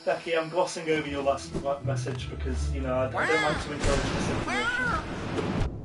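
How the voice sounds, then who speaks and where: A woman's voice: low-pitched, very animated, fairly quick. A woman co-hosting a game stream in casual chat, giggly and fond of cute creatures. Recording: echoey room, far mic, game music.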